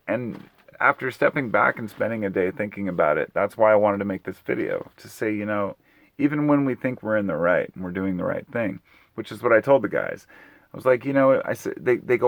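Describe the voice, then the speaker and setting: A middle-aged man with a lowish voice tells a personal story, rambling and animated as he acts out what everyone said. The sound is dry and close, with no room around it. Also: no echo. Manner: rambling, animated retelling with acted-out quotes. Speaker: vlogger telling a personal story. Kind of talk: casual storytelling monologue.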